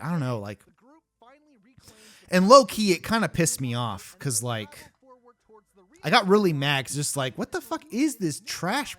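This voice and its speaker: A man's voice: medium pitch, fairly bright tone. A man hosting a casual commentary track, ranting with lots of swearing and fillers. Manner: ranting, profane, rambling with many fillers. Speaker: YouTube host. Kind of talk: casual behind-the-scenes commentary.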